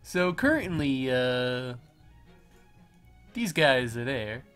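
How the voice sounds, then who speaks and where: A man's voice: medium pitch, very animated, drawn-out words, fairly bright tone, smooth, faint music behind. A man running a tabletop game over a voice call, narrating in a rambling way with many fillers and frequent laughs. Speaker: game master.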